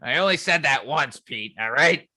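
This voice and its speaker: A man's voice: mid-range voice, animated, normal speed, sharp tone, no room sound. A man hosting a podcast in casual chat, rambling, swearing often and laughing easily. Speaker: podcast host.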